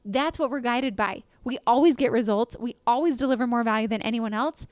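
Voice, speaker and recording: A woman hosts her own podcast, speaking with energy and emphasis and circling back to repeated affirmations. Her voice sits a little high. The recording is dry and close, with no room sound. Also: a little fast, darkish tone, no echo. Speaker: podcast host and dental practice consultant. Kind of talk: solo motivational podcast talk.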